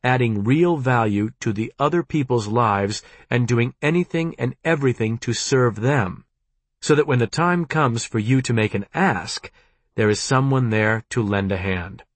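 A man reading a nonfiction audiobook in a measured, deliberate narration. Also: medium pitch, dry recording.

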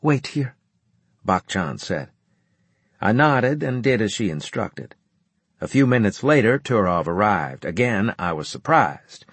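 A man reading a first-person audiobook narration in a measured, wry storytelling manner. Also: fairly low pitch, sing-song, a bit bright, husky, no echo.

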